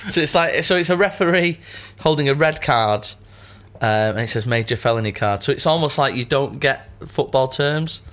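A man's voice: mid-range voice, expressive, normal speed, fairly bright tone. A man co-hosting a podcast, chatting casually in a dry, teasing way and swearing now and then. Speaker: podcast co-host. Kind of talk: casual chat.

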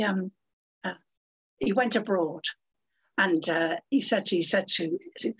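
An older woman telling lively anecdotes as an interview guest, theatrical and calling people dear and my love. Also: mid-range voice, moderate pace, slightly rough.

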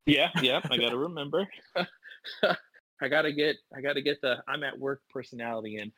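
A man's voice: mid-range voice, brisk, pushed and bright, dry recording, low-quality recording. Dry-voiced rambling young man. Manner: rambling, laughs often, trails off. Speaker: podcast co-host. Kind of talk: casual chat.

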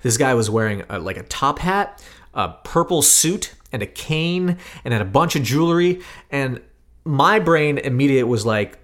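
A man in his thirties, a podcast co-host, telling a story in a lively, self-deprecating way. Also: medium pitch, moderate pace. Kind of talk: casual storytelling chat.

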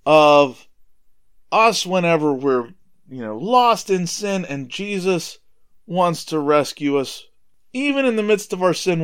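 Male podcast host, casual Bible storyteller, high-pitched, very lively delivery. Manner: conversational, animated, with asides.

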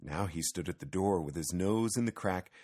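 A man reading a children's Christmas story aloud with lively, expressive storytelling. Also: sits low, normal speed. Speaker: narrator.

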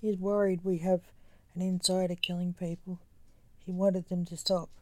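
A woman's voice: lowish voice, little pitch movement, normal speed, dark tone, no room sound, natural voice. Woman reading as a troubled male emperor. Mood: worried. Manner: anxious, snappish.

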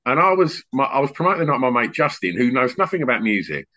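A middle-aged man hosting a podcast on a video call, a rambling, animated storyteller who often restarts his sentences. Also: mid-range voice, fast talker. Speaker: podcast host and DJ. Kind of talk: casual chat on an online call. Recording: muffled lo-fi online call audio.

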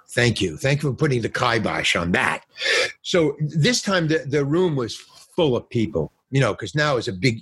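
A man's voice: medium pitch, a bit bright, husky, no room sound. An older actor telling rambling anecdotes in a casual interview, acting out the lines of people he quotes. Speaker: actor and guest.

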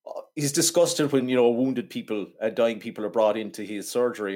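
A man talks through a film in a loose, sarcastic way, cursing freely and mocking what he dislikes. His voice sits at an ordinary middle pitch. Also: brisk, a little mellow. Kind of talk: casual film chat.

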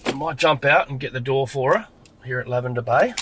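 A man's voice: mid-range voice, a little fast, background noise. A man with an Australian accent, chatting casually and easily with slang as he drives a rideshare car and hosts his vlog. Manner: chatty, friendly, easygoing slang. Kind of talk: casual chat while driving. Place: inside a car.

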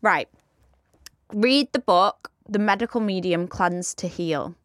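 A woman's voice: mid-range voice, slow, no echo, studio quality. A young woman co-hosting a podcast, chatting casually, reading listener messages and swearing freely. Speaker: podcast co-host.

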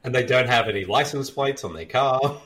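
A man's voice: mid-range voice, normal speed, a bit bright. A man co-hosting a podcast, chatting casually over a movie and sharing film trivia, laughing often. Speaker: podcast co-host. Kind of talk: casual movie commentary chat.

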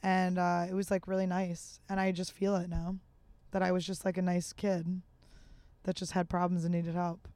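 A woman's voice: fairly low pitch, completely flat delivery, moderate pace, darkish tone, no room sound. A woman telling a candid, emotional personal story as a guest in a conversation, open and full of fillers.

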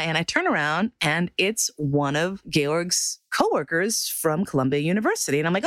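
A woman's voice: deep voice, sing-song, moderate pace, no room sound, studio quality. A woman performer telling a personal story in a casual way, laughing often and swearing casually.

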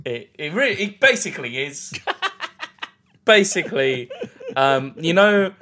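A man with a bright, crisp-edged voice co-hosts a comedy quiz podcast. He speaks in a deadpan way and wanders into absurd tangents. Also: fairly high pitch, slow. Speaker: podcast co-host.

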